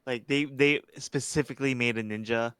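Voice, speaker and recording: Male, mid pitch, smooth tone, meandering talker. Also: steady tone, moderate pace, fairly bright tone, no echo. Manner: rambling, heavy use of "like". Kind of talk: casual group chat.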